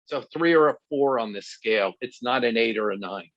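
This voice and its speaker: A man's voice: mid-range voice, a little fast. A middle-aged man, a guest pastor and counselor, teaching conversationally through personal stories and laughing at himself. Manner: animated storyteller who laughs at himself. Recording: dull lo-fi dry sound.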